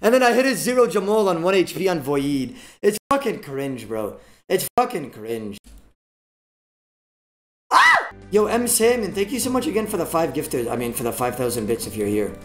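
A man streaming live gameplay, trash-talking and swearing a lot, with sudden bursts of yelling as he coaches viewers through fights. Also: on the high side, sing-song, a little fast.

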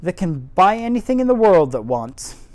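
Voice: medium pitch, very animated, moderate pace, a little mellow, dry recording, voice pushed up, lightly acted. Tipsy reader doing a chatty Yorkshire housemaid. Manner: broad dialect, chatty and homely. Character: cheerful young Yorkshire housemaid woman.

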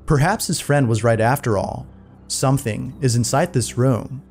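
Man giving measured scripted narration. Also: mid-range voice, soft background music. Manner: even, measured storytelling. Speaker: narrator of a played compilation video.

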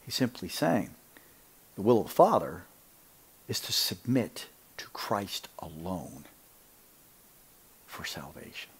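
A male Bible teacher explains scripture in an animated, emphatic preaching style, often asking whether listeners see his point and dropping to a hush to stress a line. His voice is low with a breathy edge, and he goes slowly with long pauses.

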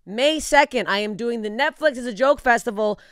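A woman's voice: fairly high pitch, a little fast, fairly bright tone, clean tone, no room sound, studio quality. Brash, profane woman podcast host. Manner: brash, profane, laughs a lot. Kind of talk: casual chat and tour ad read.

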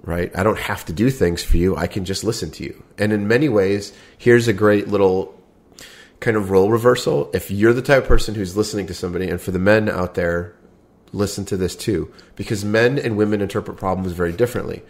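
A middle-aged man co-hosting a podcast, calmly explaining ideas with step-by-step everyday examples. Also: lowish voice, brisk. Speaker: podcast co-host. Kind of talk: casual podcast chat.

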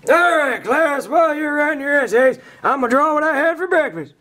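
A man doing a shrill crabby old teacher. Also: lively intonation, a little fast, heavily acted. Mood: cranky. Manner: yelling, cranky and rude. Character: crabby old male schoolteacher. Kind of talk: comedic puppet video voice acting.

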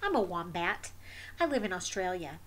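A woman reading a picture book aloud in the voice of a sleepy, stubborn wombat, in terse, deadpan diary entries. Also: fairly low pitch, normal speed, slight background noise, voice pushed down.

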